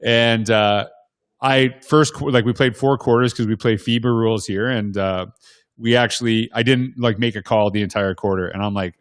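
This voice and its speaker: A man's voice: lowish voice, fairly even intonation, normal speed, fairly bright tone, smooth, no room sound, studio quality. A man telling stories as a guest panelist in casual talk, rambling with many restarts and fillers. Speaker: guest panelist, educator and former basketball referee. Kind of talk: casual storytelling on a video panel.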